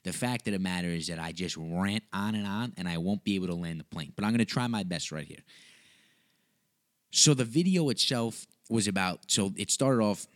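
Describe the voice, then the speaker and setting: Young guy on his podcast, low voice, rambles off on tangents, swears casually. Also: normal speed. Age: young adult. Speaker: podcast host. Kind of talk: casual storytelling.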